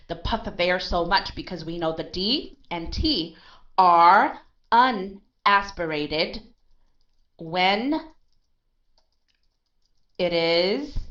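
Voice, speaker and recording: A woman's voice: lowish voice, a bit bright. Woman teaching pronunciation, lo-fi recording. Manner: explains step by step, ends phrases with okay; asks and answers her own questions. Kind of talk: recorded online lesson. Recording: dull lo-fi sound.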